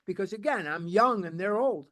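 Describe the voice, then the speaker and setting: Guy in his 70s, high voice, blunt and emphatic, sharing his story at a meeting. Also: lively intonation, normal speed, bright, forceful tone. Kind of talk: personal testimony at a recovery meeting.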